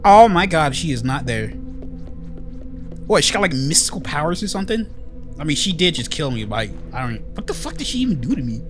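Excitable, high-voiced male gamer. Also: a little fast, over music. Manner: loud, excitable, swears often, mock-dramatic pleas. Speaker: gaming channel host. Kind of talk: let's play commentary.

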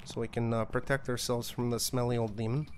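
A man's voice: medium pitch, little pitch movement, fairly quick, a little hiss or hum. A man streaming a ghost-hunting game, cursing freely and trash-talking the ghost while joking to himself and his chat. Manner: profane, trash-talks the ghost; jokey, talks to himself and chat. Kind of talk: live-stream gameplay commentary.

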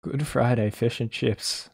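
A man streams himself reacting to videos, talking in a husky, breathy voice. His commentary is incredulous and full of swearing and laughter, and his pitch sits in an ordinary middle range. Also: fairly even intonation, takes it slowly.

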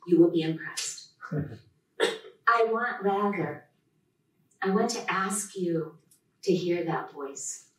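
Woman introducer, warm and enthusiastic, unhurried podium delivery, roomy distant sound. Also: on the low side. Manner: enthusiastic, heartfelt. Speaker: professor introducing a poet. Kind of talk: live event introduction speech. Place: lecture room at a reading. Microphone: podium mic. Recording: echoey hall, distant mic.

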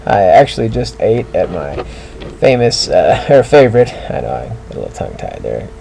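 A man's voice: lowish voice, big pitch swings, moderate pace, vocal fry, warm tone, a little hiss or hum, poor audio. A man voicing a corny, rambling male bulldog comedian who tells groaning puns and keeps getting tongue-tied. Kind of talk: comic character monologue.

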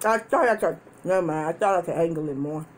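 A woman hosting a mukbang, chatting casually to viewers while she eats and telling stories animatedly, with frequent laughter and loud whoops. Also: on the low side, quick pace, slight background noise. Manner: chatty, addresses viewers directly. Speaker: mukbang host. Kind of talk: casual chat while eating.

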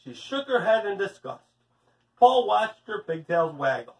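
A man, a gym teacher, reading a story aloud to children as an animated storyteller. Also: high voice, a little slow. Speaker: physical education teacher. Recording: echoey room, mic at a distance.

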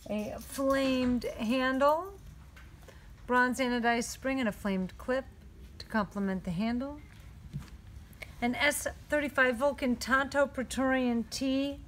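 A woman presenting her company's knives in an upbeat, detailed product showcase. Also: on the high side.

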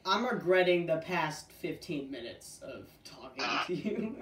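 A woman with a low voice and big pitch swings hosts a game stream, speaking at a measured pace in casual chat. She teases her co-player and laughs often, and the recording is roomy and noisy, from a distant mic.

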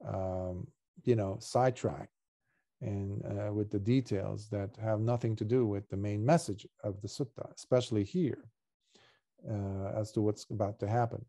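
A monk guides listeners through a scripture in a deep, mellow voice. He speaks reflectively, pausing often with small fillers as he explains each passage. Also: fairly even intonation. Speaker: Buddhist monk teacher. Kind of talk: sutta study talk.

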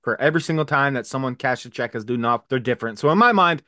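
Male co-host, casual recap banter, mid pitch, dry booth sound. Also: rapid-fire, dry recording. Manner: excited retelling, swears, acts out lines.

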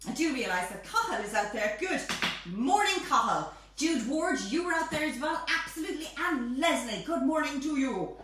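Woman, live home cooking host, playful chatter; fairly high voice, distant mic in a very echoey kitchen. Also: lively intonation, normal speed, background noise. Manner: chatty, playful, bubbly asides.

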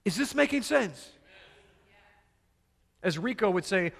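A man's voice: sits high, animated, takes it slowly, gravelly, a bit bright, slightly rough, big-room sound. A man preaching a sermon as pastor, emphatic and full of rhetorical questions to the congregation.

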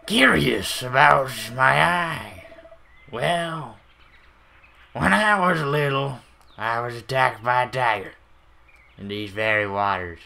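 A man's voice: mid-range voice, expressive, slow pace, gravelly, long pauses, pushed and bright, heavily acted. A man reading out a game's boastful one-eyed fisherman, in a put-on accent he calls bad.

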